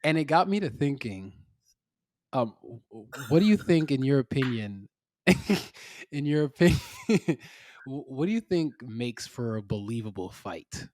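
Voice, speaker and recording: A man hosting a podcast interview in a relaxed, chatty way, laughing often and restarting his sentences. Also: mid-range voice, unhurried, dry recording. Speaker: podcast host. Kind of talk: casual interview chat.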